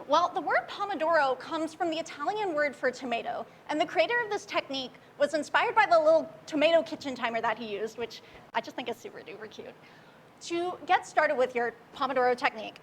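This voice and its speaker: Young woman from Oklahoma, high voice, upbeat casual meetup speaker, faint background noise. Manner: upbeat, chatty, friendly. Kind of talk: casual tech talk.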